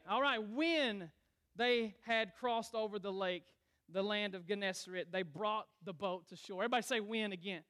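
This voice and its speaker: A young man, a youth pastor preaching a lively sermon in church and calling on the congregation to answer back. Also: very high-pitched. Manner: energetic, calls on the crowd to respond.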